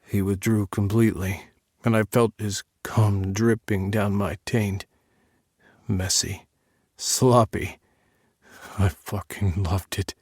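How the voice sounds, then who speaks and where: A man narrating a first-person audiobook in a measured, intimate reading on a close studio mic. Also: fairly low pitch, fairly even intonation, a little mellow, no room sound.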